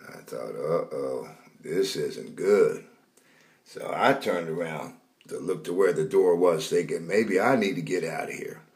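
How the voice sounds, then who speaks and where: A man tells a dream as a rambling testimony, repeating words and raising his voice for retold shouts. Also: deep voice, normal speed. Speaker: preacher telling a dream. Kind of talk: storytelling testimony.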